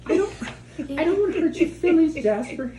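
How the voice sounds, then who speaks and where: A man mocking a timid, soft-spoken man who sounds hesitant and apologetic. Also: very high voice, very animated, a little fast, echoey room, pitched above the performer's own voice. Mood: meek.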